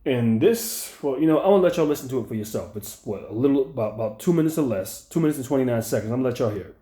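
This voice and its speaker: A man's voice: medium pitch, expressive, racing, warm tone. A man hosting a commentary video, ranting in a profane, heated and mocking way. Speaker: commentary channel host. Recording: echoey room.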